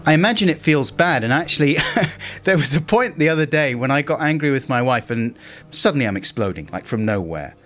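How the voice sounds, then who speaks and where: Animated, self-mocking man telling stories. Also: medium pitch, fairly quick, hardly any pauses, soft background music. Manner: self-mocking, laughs through his stories. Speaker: comedian and broadcaster. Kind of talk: candid interview anecdotes.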